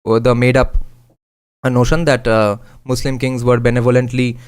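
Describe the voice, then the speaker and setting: A man's voice: medium pitch, flat delivery, clean tone. A man with an Indian accent, reading from a book and adding casual spoken commentary. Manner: reads passages then adds quick remarks, switching into Hindi.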